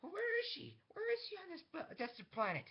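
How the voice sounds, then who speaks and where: Man putting on a shrill commanding alien queen. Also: animated, normal speed, lo-fi sound, lightly acted. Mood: demanding. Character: stern imperious alien woman leader.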